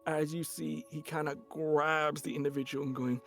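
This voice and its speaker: A man's voice: fairly high pitch, level tone, moderate pace, vocal fry, hardly any pauses, a bit bright, soft background music. A man running a tabletop game as game master, narrating in a casual, rambling way.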